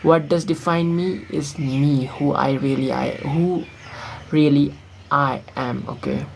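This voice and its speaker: A man's voice: fairly high pitch, fairly even intonation, slow, vocal fry, slight background noise, rough recording. A young man from Nepal speaking English with an American-influenced accent learned from films, chatting casually in a rambling, blunt vlog full of fillers. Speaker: vlogger. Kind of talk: casual talking-to-camera vlog.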